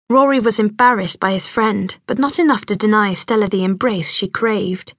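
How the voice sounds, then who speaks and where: A woman reading an audiobook in scripted narration, measured and gentle, close to a studio mic. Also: mid-range voice, dry recording.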